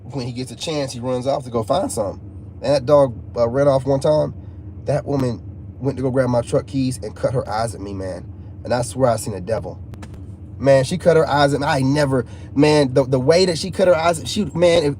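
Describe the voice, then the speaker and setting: Slangy man telling a story, soft hum behind. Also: mid-range voice, moderate pace. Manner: emphatic, repeats himself, casual slang. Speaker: channel host. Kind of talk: casual storytelling to viewers. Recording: faint background noise.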